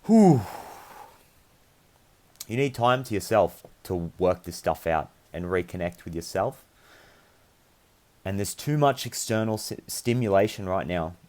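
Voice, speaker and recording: A young man with a somewhat low-pitched voice reads tarot cards for his viewers. He talks in an earnest, meandering manner, offering encouragement and spiritual reassurance. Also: lively intonation, normal speed. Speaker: tarot reader.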